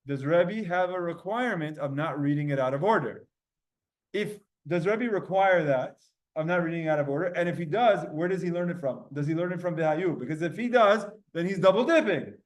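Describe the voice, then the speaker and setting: Teaching Talmud, this man talks in an animated voice that runs on the high side. His explanations come in rapid spurts, broken up by questions to the class and frequent false starts.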